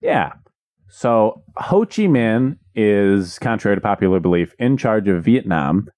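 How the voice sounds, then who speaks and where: A man with a low voice cracking dry jokes on a casual podcast. His pitch rises and falls a lot. The recording is close and dry. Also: expressive, a little slow, a little mellow, no room sound. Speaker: podcast co-host. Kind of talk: casual comedic podcast chat.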